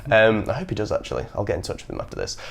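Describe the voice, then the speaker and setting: A young man hosting a podcast, telling stories in a casual, animated way and acting out the people he quotes. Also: on the low side, racing, vocal fry. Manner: animated storyteller who acts out quotes. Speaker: podcast host. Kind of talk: casual chat.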